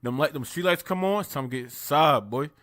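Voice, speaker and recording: Podcast host, male, bright and a bit high, animated, swears freely. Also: brisk. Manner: animated, profane, steers the talk. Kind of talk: casual podcast chat.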